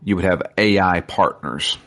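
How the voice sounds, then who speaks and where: A man's voice: sits low, normal speed, a bit bright, no room sound, studio quality. A man co-hosting a gaming podcast in casual chat, with a playful, teasing manner. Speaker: podcast co-host.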